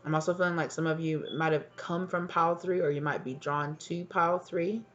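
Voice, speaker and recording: A woman's voice: fairly even intonation, highs cut off. A woman tarot reader speaking straight to her viewers, affectionate and soothing, often checking in on them. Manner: soft and soothing, deliberately lowered voice. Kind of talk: tarot reading addressed to viewers.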